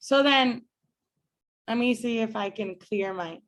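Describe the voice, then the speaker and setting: Slow-spoken woman phonetics professor. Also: on the high side. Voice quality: explanatory, demonstrates speech sounds slowly. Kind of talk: classroom lecture. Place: classroom with students.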